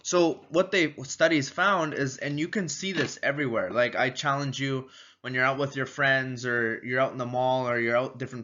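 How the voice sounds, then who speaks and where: A man giving a casual, energetic training talk on rapport, repeating his points and acting out short door-step exchanges. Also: medium pitch, lo-fi sound. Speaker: sales and marketing trainer. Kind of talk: casual teaching video.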